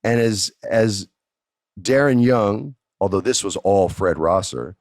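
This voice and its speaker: A man hosting a podcast, telling a story casually, animated and profane, jumping up high in pitch for emphasis. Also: slow, no room sound, studio quality. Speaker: podcast host.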